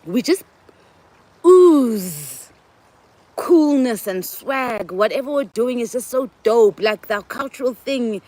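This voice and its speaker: A South African woman with a voice that sits a touch high, hosting her own show. She talks in a loose, chatty monologue and acts out the people in her stories. Local words slip in between the English. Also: expressive, slow, dark tone, dry recording, low-quality recording. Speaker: host. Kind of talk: casual monologue.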